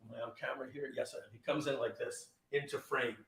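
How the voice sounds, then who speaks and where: Gravelly ex car dealer guy telling stories on a live video, clears his throat a lot, rambles. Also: medium pitch, fairly even intonation, fast talker, a bit bright. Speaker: former car dealership general manager. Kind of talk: casual storytelling on a live video.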